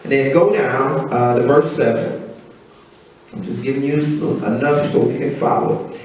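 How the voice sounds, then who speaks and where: A man preaching a sermon, telling the story conversationally and acting out quotes in a low voice. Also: unhurried, darkish tone, a little hiss or hum. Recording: very echoey room, voice from a distance.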